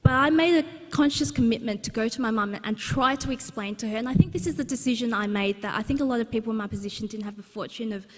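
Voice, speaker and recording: In a vast exhibition hall that echoes with long reverb, an Australian woman talks at a book launch, telling humorous stories about her life to the audience. She speaks a little high and fast, hardly pausing, with lots of fillers.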